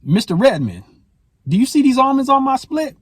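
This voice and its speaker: A man voicing a stern adult male gangster boss, who questions people slowly and pointedly with mock politeness. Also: extremely high pitch, sing-song, husky, no echo, clean studio sound, voice pushed up, heavily acted. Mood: menacing.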